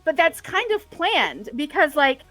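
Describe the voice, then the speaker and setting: Woman co-host, high voice, dry close mic, rambling chatty storyteller. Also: sing-song, unhurried, bright, forceful tone, no room sound, faint music behind. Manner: rambling, tangent-prone storytelling. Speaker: podcast co-host. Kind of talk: casual chat.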